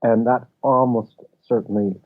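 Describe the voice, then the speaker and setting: A man's voice: mid-range voice, fairly even intonation, unhurried. A man, a film festival founder, explaining ideas with anecdotes as a guest in a casual interview. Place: office. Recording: tinny phone-like line.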